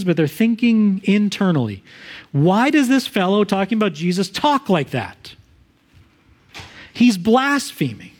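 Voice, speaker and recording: A man pastor preaching a sermon in an earnest teaching manner, livening points with made-up everyday examples. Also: high voice.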